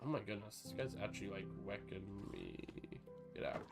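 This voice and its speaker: A man chatting casually on a live gaming stream, rambling between thoughts and breaking into sudden excited outbursts. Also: on the low side, moderate pace, loud music behind the voice.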